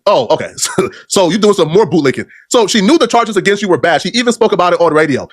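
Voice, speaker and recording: A man rattles off slang-heavy, mocking commentary at a rapid clip, his voice sitting slightly high. The close mic leaves it dry, with no room sound at all. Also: lively intonation, slightly rough, no echo. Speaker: commentary video host.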